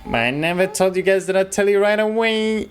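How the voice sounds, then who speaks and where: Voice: mid-range voice, normal speed, faint music behind, natural voice. A streamer voicing a gleeful male bear mascot who teases in a sing-song way while reading game dialogue aloud. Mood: teasing.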